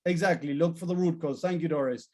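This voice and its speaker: Give me a high-voiced man teaching a live therapy class, emphatic and animated. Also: quick pace. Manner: animated, emphatic, repeats key words in lists. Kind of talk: live training lesson.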